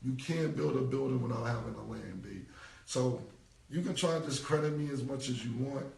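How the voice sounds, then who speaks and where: A man's voice: medium pitch, normal speed, creaky, a little mellow, reverberant, recorded from a distance. A man in his forties with a New York accent, ranting bluntly in street slang and cursing on a casual live stream. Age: 40s. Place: indoor room, live stream. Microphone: phone mic.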